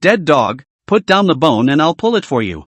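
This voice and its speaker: A man's voice: a little high, big pitch swings, moderate pace, a bit bright, breathy edge, no echo, full character voice. A man reading a stern scolding cultivator master. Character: stern exasperated young male cultivator master.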